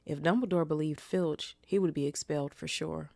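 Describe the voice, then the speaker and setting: A woman's voice: low voice, fairly even intonation, moderate pace, vocal fry, a little mellow, no echo. A woman hosting a casual book reaction podcast, chatting in slang and reading the chapter aloud. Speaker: podcast host.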